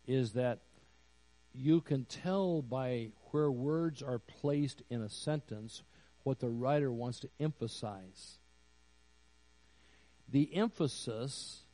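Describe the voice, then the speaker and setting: A pastor preaching a sermon slowly and deliberately, building to emphatic raised phrases. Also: male voice, mid-range voice, warm tone, no echo, low-quality recording. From United States. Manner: slow, deliberate preaching with rising emphatic peaks.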